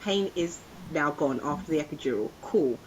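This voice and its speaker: A woman's voice: low voice, expressive, normal speed, noisy background. A woman co-hosting a podcast, telling a personal story in a casual chat and acting out the voices of others. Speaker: podcast co-host.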